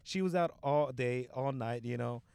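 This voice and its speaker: A man's voice: medium pitch, moderate pace, gravelly, a little mellow, smooth, no room sound. A young man in casual podcast chat, slangy and profane, filling his talk with "like" and "dude".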